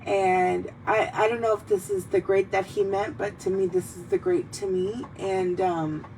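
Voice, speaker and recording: A woman's voice: medium pitch, steady tone, unhurried, a little mellow. Rambling, foul-mouthed young woman host. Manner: rambling, swears freely, heartfelt. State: tearful in places. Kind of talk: casual chat while drinking. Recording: mic a bit distant, faint background noise.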